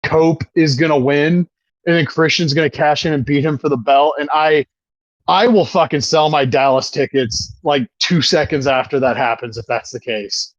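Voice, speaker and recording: Man, fairly high voice, podcast co-host, casual chat, profane, enthusiastic, dry close sound. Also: normal speed, no echo, dull audio. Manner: profane, enthusiastic wrestling fan.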